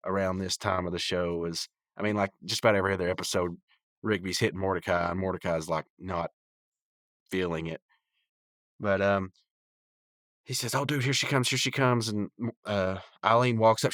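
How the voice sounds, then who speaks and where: A man's voice: low voice, a bit bright, dry recording, studio quality. A man hosting a podcast, recapping a cartoon episode in a rambling, chatty way full of restarts. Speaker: podcast host.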